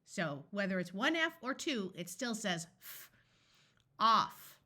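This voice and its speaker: A woman with an American accent teaching a phonics lesson, slowly sounding out letters and blending them into short words for young readers. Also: mid-range voice, sing-song, a bit bright. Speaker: reading tutor.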